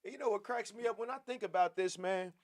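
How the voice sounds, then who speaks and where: A man preaching a Bible lesson with a somewhat high voice. He hammers his points with repeated phrases and speaks straight to his listeners, calling them "man" as he goes. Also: fast. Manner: emphatic, repetitive, calls listeners "man". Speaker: class teacher.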